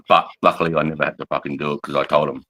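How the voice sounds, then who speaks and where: A man's voice: rumbling low, fast talker, pushed and bright, low-quality recording. A man in his forties with an Australian accent, an army veteran telling war stories in casual chat, rambling and swearing constantly with plenty of "mate" and "bro". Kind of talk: casual storytelling.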